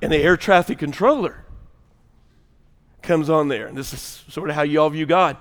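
A man's voice: fairly high pitch, normal speed. Joking male pastor in an echoing hall. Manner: rambling, joking, talks straight to the congregation. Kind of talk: sermon. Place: large church hall.

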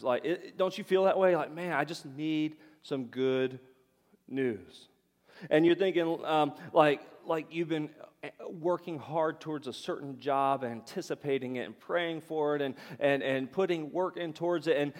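Middle-aged male pastor, conversational sermon delivery, filler-heavy, recorded in a reverberant hall. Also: a little high. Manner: conversational, rambling with many fillers and asides to the congregation.

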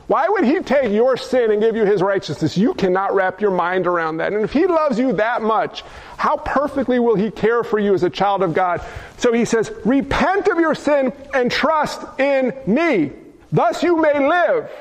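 A man preaching a sermon to a congregation, fervent and emphatic, firing rhetorical questions at his listeners. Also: very high-pitched.

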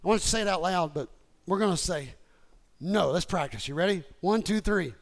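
A man preaching a sermon, leading the congregation in call and response and building to emphatic, shouted lines. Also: brisk, gravelly. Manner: emphatic preacher, swings from low asides to shouting. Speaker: pastor.

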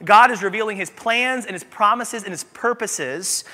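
A man preaching a sermon as pastor in a church, telling stories in an animated, humorous way. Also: high-pitched, normal speed. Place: church sanctuary. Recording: long church reverb.

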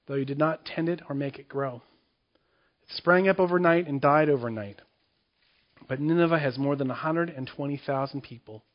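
A man preaches in an easy, conversational way and breaks into the quoted lines with sudden leaps in pitch. His voice sits fairly high. The recording sounds dull and lo-fi. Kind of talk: sermon on scripture.

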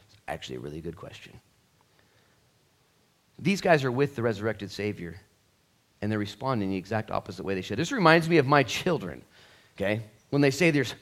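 Animated male pastor preaching a sermon. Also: mid-range voice, a little fast, pauses often. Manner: animated, acts out voices and dialogue, swings from loud to hushed. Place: church.

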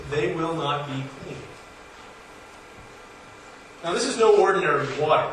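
An earnest preacher with a fairly high voice talks to his congregation in a plain, conversational way. His voice rises on the points he stresses. He sounds far from the mic, with a strong echo of a large room and a faint hum behind him. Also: a bit bright. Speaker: pastor. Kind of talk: sermon. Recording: echoey hall from far off, faint noise.

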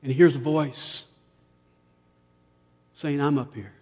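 A man preaching a sermon as pastor, rising to emphatic peaks and dropping to quiet asides. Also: on the high side, steady tone, slow pace, slightly rough, in a large hall.

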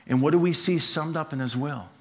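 A man's voice: fairly high pitch, brisk. A man preaching a sermon as pastor in a church, conversational and emphatic, asking the congregation rhetorical questions.

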